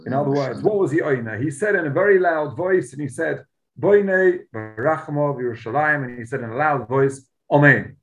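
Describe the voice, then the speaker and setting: A man's voice: a little high, expressive, a little fast, few pauses, lo-fi sound. Man teaching Talmud. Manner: explains Aramaic text line by line in English, emphatic. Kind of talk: Talmud lesson.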